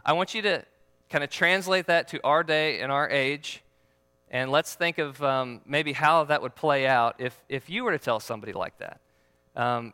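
Bright, clear man preaching in a hall. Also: medium pitch, moderate pace. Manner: conversational, joking, asks the audience questions. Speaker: pastor. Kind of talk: sermon.

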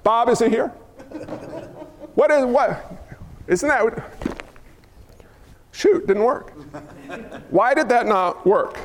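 A man preaching a sermon in a church, talking in a conversational way with rhetorical questions and jokes for the congregation. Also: high voice. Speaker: pastor. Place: church sanctuary. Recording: hall reverb.

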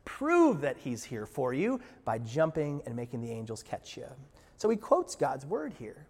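A man preaching a sermon as pastor, animated, rising loud for quoted lines and joking asides to the congregation. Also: medium pitch, a little slow. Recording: reverberant hall.

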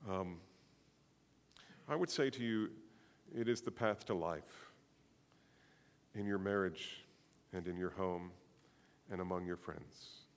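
A man preaching a sermon at a church service, animated, firing rhetorical questions and swinging between loud emphasis and quiet asides. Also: low voice, takes it slowly, long pauses. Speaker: pastor. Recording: long hall reverb.

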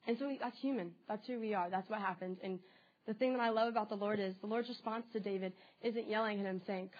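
A woman's voice: fairly high pitch, brisk, highs cut off. A woman giving a devotional sermon in an earnest, conversational way, often saying "like" as she talks. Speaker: preacher.

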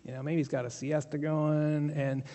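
A man's voice: on the high side, little pitch movement, moderate pace, mellow, close to an everyday voice. Man playing a teasing, sarcastic prophet, slightly raised voice, big echoing hall. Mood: taunting. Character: mocking prophet taunting rivals, male, adult. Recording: long hall reverb.

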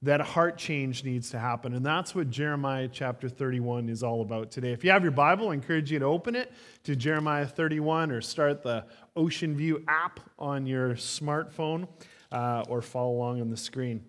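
A man's voice: medium pitch, moderate pace, a bit bright. A man preaching a sermon as a pastor in church, telling stories in a conversational way with frequent fillers.

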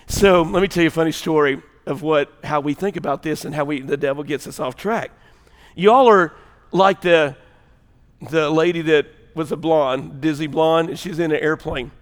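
A man's voice: high voice, a bit bright, clean tone, in a large hall. A male pastor preaching a sermon in a rambling, joking way, speaking straight to his congregation. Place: large church hall.

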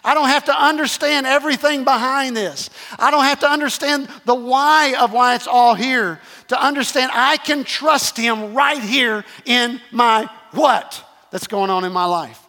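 A man's voice: very high voice, a little slow, hardly any pauses, pushed and bright, in a large hall. A man preaching a sermon, repeating phrases emphatically and calling the congregation to respond. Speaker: pastor.

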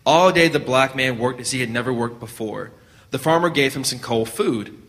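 A male narrator reads a story aloud, his medium-pitched voice bright and forceful, measured and steady. He occasionally stumbles and restarts a word, and a long hall reverb trails his reading.

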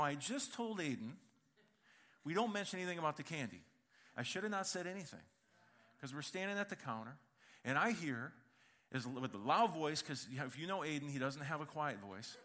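Animated, bright-voiced preacher man. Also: fairly high pitch, a little fast. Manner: animated storytelling with humor. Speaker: pastor. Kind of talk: sermon.

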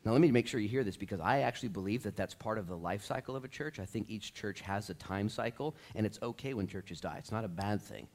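A man preaching to his church, casual and lively, acting out quotes and dropping slang. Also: fairly low pitch, quick pace, hardly any pauses. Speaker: pastor. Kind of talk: sermon.

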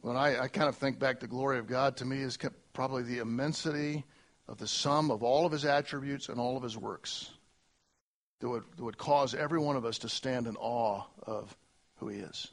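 A man preaching a sermon to a church congregation, emphatic, with long spoken lists and big swings between loud and soft. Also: mid-range voice, steady tone, a little fast. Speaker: pastor.

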